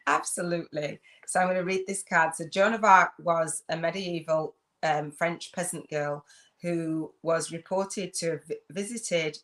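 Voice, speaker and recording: A woman hosting a casual livestream, chatting, reading aloud haltingly and laughing often. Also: fairly low pitch, a bit bright. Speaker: host.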